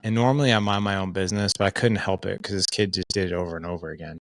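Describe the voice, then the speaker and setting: Low-voiced man telling earnest stories. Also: racing, no room sound. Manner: earnest, animated storytelling with filler words. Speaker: podcast guest. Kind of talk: casual conversation.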